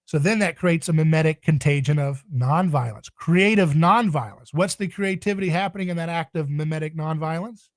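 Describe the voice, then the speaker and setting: A man's voice: on the high side, brisk, few pauses, dry recording. A man speaking as a podcast guest in a passionate, emphatic, preaching tone. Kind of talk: podcast interview.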